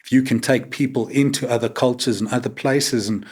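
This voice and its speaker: A mid-range male voice, steady and fairly quick, with a darkish tone and a breathy edge. He's a South African talk show guest in his fifties, frankly telling stories in a candid interview and tagging lines with "man" and "right?".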